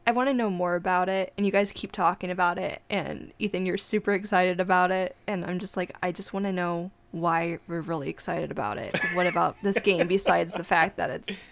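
A woman's voice: lowish voice, steady tone, fairly quick, vocal fry, hardly any pauses. A woman co-hosting a podcast in casual chat, hesitant and thinking aloud as she talks. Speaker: podcast co-host.

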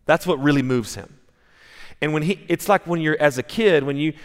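A male pastor giving a sermon, telling stories in a conversational, animated way, with restarts and acted-out quotes. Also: fairly high pitch, quick pace. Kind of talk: sermon storytelling. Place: church sanctuary. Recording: long reverb in a large hall.

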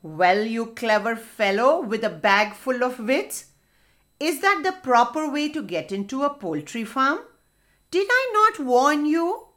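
A woman's voice: a little high, big pitch swings, slow. A woman voicing a wise old male hedgehog who talks cautiously and teasingly in a children's story. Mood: scolding. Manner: cautious, then mocking.

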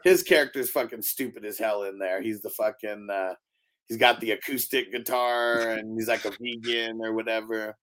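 A man's voice: fairly low pitch, fairly even intonation, moderate pace, a bit bright, slight background noise. A man on a loose, casual podcast, rambling from one movie scene to the next. He laughs a lot and swears without a second thought. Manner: rambling, laughs often, swears freely, acts out quotes. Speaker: podcast co-host.

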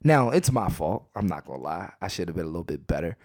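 A man's voice: sits low, fast, no echo. Profane, dry-miked male comedy podcaster. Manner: profane, animated, repeats himself for emphasis. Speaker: podcast host. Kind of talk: comedic storytelling monologue. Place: his second bedroom at home.

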